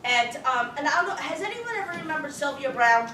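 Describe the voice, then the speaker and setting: A woman psychic medium talking to a live audience, loud, rambling and full of cursing. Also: high-pitched, expressive, brisk, background noise. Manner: loud, profane, rambling storyteller. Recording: echoey room, far from the mic.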